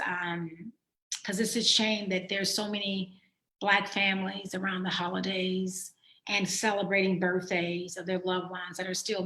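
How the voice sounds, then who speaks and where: A woman speaks slowly and thoughtfully, reading her poetry and then talking candidly in halting, filler-laced sentences. Her voice sits in a noticeably roomy, echoing space. She is a writer and guest on a video call. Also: medium pitch, pushed and bright. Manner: slow, reflective, halting with fillers. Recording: roomy echo.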